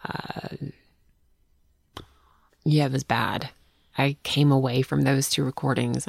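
A woman's voice: rumbling low, gravelly, darkish tone, no echo, clean studio sound. A woman co-hosting a casual chat, telling rambling, self-deprecating stories. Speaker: podcast co-host.

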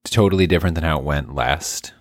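Very deep-voiced male host. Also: fast, dry recording, studio quality. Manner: attentive, sympathetic listener asking follow-up questions. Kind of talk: casual conversation.

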